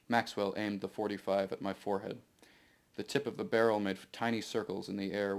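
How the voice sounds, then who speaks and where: A man reading his own novel aloud to a live audience in steady first-person narration. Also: on the low side, vocal fry.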